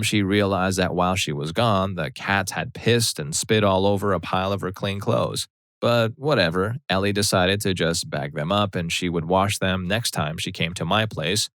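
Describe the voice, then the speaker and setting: A man narrating a personal story aloud in a steady, matter-of-fact way. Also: deep voice, dry recording, clean studio sound.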